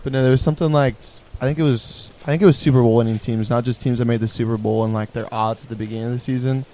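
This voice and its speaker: Mellow-voiced young man chatting. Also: medium pitch, fairly even intonation, racing. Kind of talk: casual sports chat.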